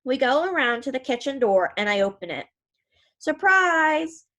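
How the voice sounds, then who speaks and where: A woman reads a first-person story aloud in an audiobook. Her narration is clear and gently expressive, with a fairly high voice. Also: brisk.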